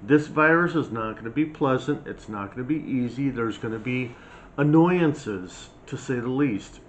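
A man's voice: mid-range voice, lively intonation, moderate pace. A man ranting in a blunt, mocking, scolding monologue as a prepper vlogger. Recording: slightly dull lo-fi sound, faint hiss.

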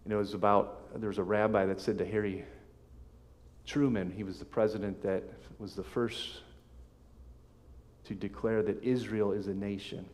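Pastor guy preaching, lowish voice, lots of hall echo, gets loud then goes quiet. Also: level tone, normal speed. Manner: emphatic preaching, reads scripture aloud with sudden swells and drops. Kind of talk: sermon. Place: church sanctuary. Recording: long hall reverb.

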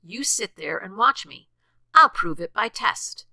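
A woman's voice: mid-range voice, expressive, unhurried, vocal fry, sharp tone, no echo, pitched above the performer's own voice, exaggerated voice. A woman voicing a boastful young male rabbit who brags about himself. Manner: bragging, puffed-up.

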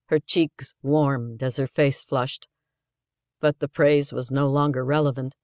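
A man narrating an audiobook in an even, measured storytelling voice. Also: mid-range voice, dry recording, clean studio sound. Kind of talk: scripted narration.

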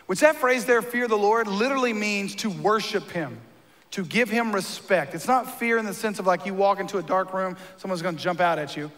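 High, bright-voiced male pastor preaching in a reverberant church. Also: fairly quick. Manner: conversational, joking, emphatic preaching. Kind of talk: sermon. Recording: long reverb of a church hall.

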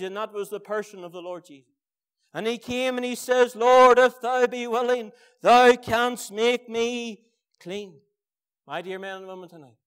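A man with a Northern Irish accent preaching a fervent evangelistic sermon in a church meeting, swinging between hushed pleas and loud emphatic cries. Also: very high-pitched, clean tone.

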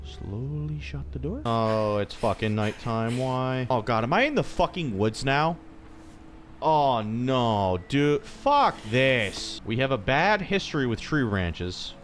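A man's voice: medium pitch, expressive, slow, slight background noise. A young man playing a horror game and commentating, jittery, swearing often and talking to himself. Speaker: gaming streamer.

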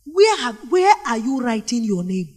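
A middle-aged Nigerian woman preaching a sermon, telling stories with animated energy and calling out questions to the congregation. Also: a little high, unhurried, breathy edge. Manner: animated storytelling with call-and-response questions to the congregation.

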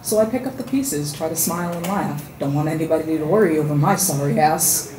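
A woman at an open mic, reciting her own spoken-word poem with a steady rhyming rhythm. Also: low-pitched, a little fast. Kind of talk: spoken-word poetry reading. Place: open mic venue indoors. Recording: echoey room from far off, noisy.

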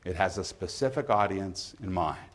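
A man who is a literature professor, giving a measured, emphatic university lecture in a lecture hall. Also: deep voice, animated.

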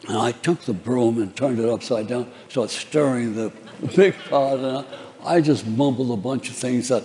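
A man's voice: mid-range voice, moderate pace, darkish tone. An older man on stage telling a live audience chatty, laughing anecdotes about his career, acting out the voices of the people he quotes. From New Orleans, Louisiana. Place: large theater. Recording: reverberant theater hall.

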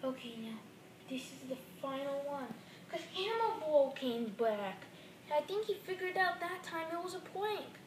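A woman voicing a scheming young male turtle prankster who plots in a low-key, pleased way. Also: sing-song, unhurried, a little hiss or hum, low-quality recording.

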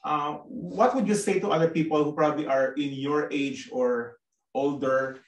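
A man leads a church interview with gentle, prompting questions. His voice sits a little high for a man and echoes around the room. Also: fairly even intonation, normal speed.

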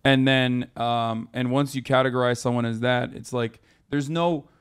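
A man hosting a live reaction stream, chatting casually with rapid, profane, joking banter. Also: mid-range voice, steady tone, smooth. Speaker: streamer host.

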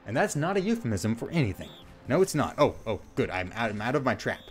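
A man's voice: mid-range voice, very animated, fast talker, soft background music. A man giving playful, goofy let's-play commentary over a game, often stumbling and restarting his words. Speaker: gameplay commentator.

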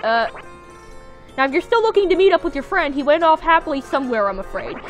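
A woman commenting on her video game as she plays, with excitable, squealing reactions. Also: high-pitched, fast talker, soft background music. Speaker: gamer playing a video game. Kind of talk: let's play commentary.

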